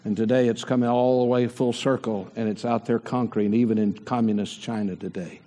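An older man preaches a sermon, firing rhetorical questions at the congregation. His voice sits at a middle pitch and rings out with a long reverb trailing through the church sanctuary. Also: fairly even intonation, brisk, mellow.

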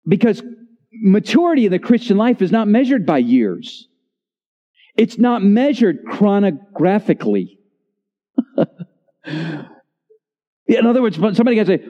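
A man in his sixties preaching a sermon in a church, with dramatic pauses and voice dropping low on key words. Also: sing-song, mellow. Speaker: pastor. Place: church sanctuary. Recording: reverberant church hall, slightly dull.

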